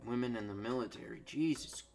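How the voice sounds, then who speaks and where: A foul-mouthed young man narrates his strategy game in a middle-pitched voice. He mutters sarcastic asides, then suddenly barks at his own units. Faint background music plays underneath. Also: normal speed. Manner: profane, sarcastic, swings between mutters and loud outbursts. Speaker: gameplay commentator. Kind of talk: crude, ranting gameplay commentary.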